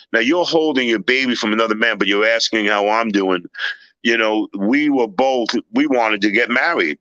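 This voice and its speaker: Man, panel guest, bright dry voice, halting then loud when he acts out scenes. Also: lowish voice, no echo, muffled recording. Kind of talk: casual storytelling.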